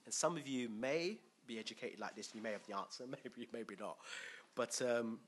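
A man gives a chatty, conversational sermon, asking the congregation questions and chuckling often. His voice is mid-range at a normal speed, with slight background noise.

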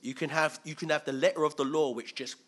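A man preaching a conversational sermon, animated and thinking aloud, switching between loud emphasis and quiet asides. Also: on the high side, fast, slight background noise. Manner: thinks aloud with restarts and acts out quotes.

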